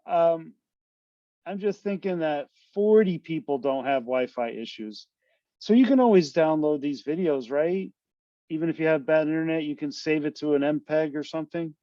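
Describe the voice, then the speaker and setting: Male lecturer, slightly raised pitch, chatty and informal, leans on tag questions; dry, slightly dull lo-fi audio from a call mic. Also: normal speed, mellow, no room sound. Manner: loose, conversational, full of tag questions. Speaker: university lecturer. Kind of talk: casual online class lecture.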